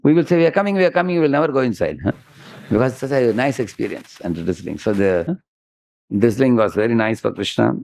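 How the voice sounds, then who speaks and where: A man with an Indian English accent gives a devotional lecture, telling stories in an animated way and prompting listeners with "huh?". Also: fairly low pitch, gravelly, no room sound. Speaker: spiritual teacher giving a lecture. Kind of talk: devotional sermon with storytelling.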